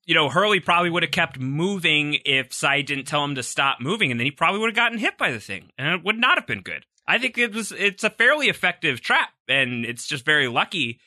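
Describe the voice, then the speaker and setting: A man co-hosts a casual podcast in a crisp, very bright voice. His talk is loose and chatty, full of restarts and easy laughter. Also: fairly high pitch, big pitch swings, brisk, hardly any pauses, dry recording, studio quality. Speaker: podcast co-host recapping a TV series. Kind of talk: casual chat.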